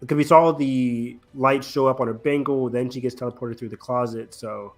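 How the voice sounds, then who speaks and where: A man's voice: mid-range voice, fairly even intonation, normal speed. A man hosting a casual podcast chat, talking eagerly with many fillers. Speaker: podcast host.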